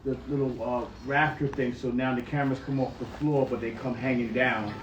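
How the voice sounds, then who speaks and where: A man in a casual studio chat, explaining things in an eager, quick way. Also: mid-range voice, flat delivery, far from the mic, lo-fi sound. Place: studio room. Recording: echoey room from off-mic, noise.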